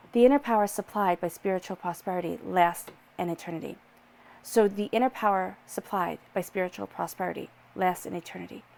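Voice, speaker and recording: Brief: woman tarot reader, gravelly fry, calm and reassuring delivery. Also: mid-range voice. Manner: soothing, reassuring, drawn-out repetitions. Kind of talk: one-to-one tarot reading.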